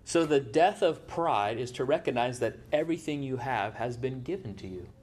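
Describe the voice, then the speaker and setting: A man's voice: mid-range voice, lively intonation, normal speed, a little mellow. A man preaching a sermon as pastor, in a conversational way, often checking in with "right?". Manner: conversational, tags points with "right?".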